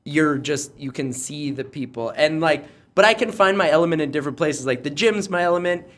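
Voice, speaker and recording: A young man hosts a podcast in casual chat, with a fairly high voice. He talks loudly and rambles, breaking off and restarting his sentences as he goes. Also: expressive, brisk. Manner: loud, rambling, with many restarts. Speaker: podcast host.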